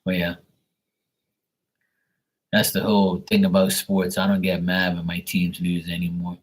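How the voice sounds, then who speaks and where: A man with a husky, slightly low voice rambles through a casual story on his live stream. His talk is blunt and full of swearing. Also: monotone, a little slow. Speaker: live tarot reading host.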